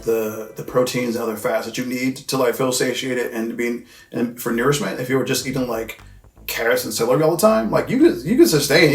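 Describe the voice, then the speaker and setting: A man recapping and reviewing a film in loose, casual talk, full of slang and swearing. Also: medium pitch. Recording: echoey room with faint music.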